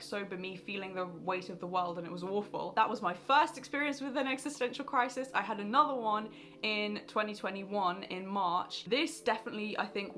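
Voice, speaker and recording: A young woman talking openly to her camera in a confessional vlog. Her voice sits at an ordinary middle pitch and her delivery is frank and expressive. She moves easily between serious reflection and a wry laugh. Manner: candid and emotionally expressive, laughs at her past. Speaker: vlogger. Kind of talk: personal confessional talk to camera.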